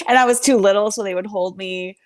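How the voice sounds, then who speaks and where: A woman's voice: medium pitch, moderate pace, no echo. A woman from Canada, chatting as a guest on a podcast interview, telling stories with a giggle. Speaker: guest rapper. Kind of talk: casual podcast interview chat.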